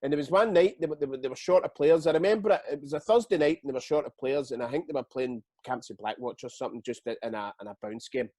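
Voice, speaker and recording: A man's voice: mid-range voice, fast talker, hardly any pauses, dark tone, dry recording. A middle-aged Scottish man, a retired footballer, telling his career stories in a casual interview, swearing freely and acting out what others said. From Scotland.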